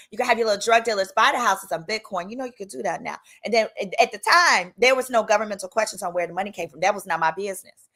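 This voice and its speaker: A woman's voice: medium pitch, pushed and bright. A woman attorney and host telling a personal story in a casual, sassy way, jumping into voices for the people she quotes.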